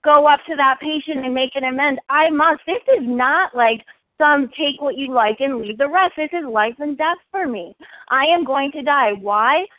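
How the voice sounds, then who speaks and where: A woman's voice: high voice, moderate pace, no echo. A woman sharing personally at a recovery meeting, earnest and full of rhetorical questions. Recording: phone-like dry line.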